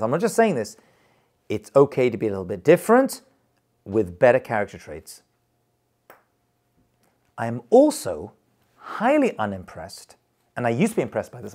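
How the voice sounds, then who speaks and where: Animated man teaching a lively class. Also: medium pitch. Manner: animated, emphatic, repeats himself for emphasis. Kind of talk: lively informal lecture to a live group.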